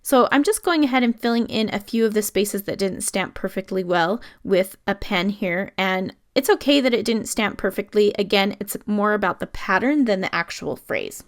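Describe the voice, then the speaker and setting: A woman's voice: mid-range voice, normal speed, few pauses. Woman, mid-range voice, casual crafting voice-over, chatty, step-by-step explaining. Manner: chatty, explains each step as she works. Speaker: scrapbooking video host.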